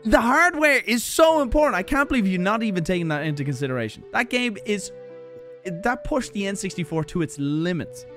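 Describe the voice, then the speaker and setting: Animated Irish man ranting. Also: high-pitched, brisk, music in the background. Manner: exasperated, profane and animated. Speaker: gaming YouTuber. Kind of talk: ranting reaction to viewer opinions.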